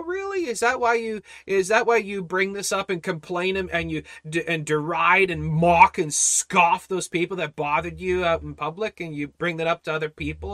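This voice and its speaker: A man leads an informal Bible study in a voice pitched a little high for a man. He presses his point with rhetorical questions and repeated phrases, often restarting his sentences. The recording is dry and close, with no room sound. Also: no room sound. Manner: animated and exhorting, with rhetorical questions and repetition; many restarts and repeated words.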